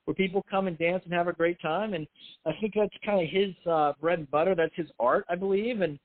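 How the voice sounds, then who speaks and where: A middle-aged man with a slightly high voice rambles through an interview, restarting his sentences and putting himself down. His voice comes over a thin, phone-like line. The sound is dry and close. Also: fairly even intonation, fairly quick, dry recording. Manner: rambling, self-deprecating, many restarts. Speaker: film writer and director. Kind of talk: casual interview talk.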